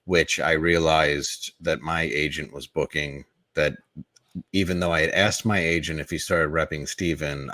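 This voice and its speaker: A man with a deep, low voice tells a long candid story as a podcast guest. He is blunt and profane, circling back with restarts as he goes. The sound is close and dry. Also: pushed and bright, dry recording. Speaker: comedian guest.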